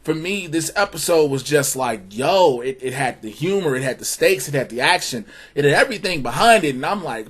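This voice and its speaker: A man giving his take in a relaxed review chat, earnest and openly emotional. His voice sits a little higher than most men's. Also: a little fast, hardly any pauses, slightly rough. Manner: earnest and emotional, loose and casual. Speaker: show co-host.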